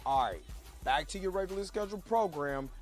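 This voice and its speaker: A man's voice: sits high, expressive, a little fast, soft background music. Joking, rambling man hosting a livestream. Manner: loose, joking, rambling, laughs often. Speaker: host. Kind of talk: casual reaction livestream chat.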